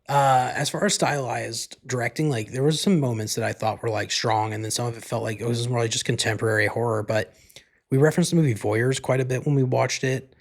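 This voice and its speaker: Gravelly, husky man chatting loosely. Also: medium pitch. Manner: laid-back, rambling, leans heavily on "like" and swears freely. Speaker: podcast host. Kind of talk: casual solo podcast talk, recapping a movie.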